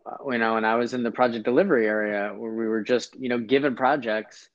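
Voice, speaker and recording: A man's voice: medium pitch, steady tone, fast talker. Man thinking aloud, muffled recording. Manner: thinking aloud, frequent restarts. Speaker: guest. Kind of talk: casual conversation. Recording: dull lo-fi sound.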